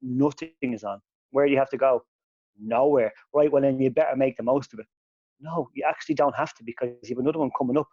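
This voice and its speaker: A man's voice: medium pitch, fast talker, dark tone, breathy edge, dry recording. A man co-hosts a podcast, telling stories in a chatty way and acting out what other people said. His voice sounds dry and a little dull, with no room around it. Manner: chatty storyteller, mimics others. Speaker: podcast co-host. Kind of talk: casual chat.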